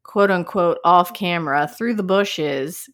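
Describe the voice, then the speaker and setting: A woman's voice: on the low side, measured pace. A woman co-hosting a podcast, recapping in chatty, gossipy casual talk. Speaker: podcast co-host. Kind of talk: casual chat.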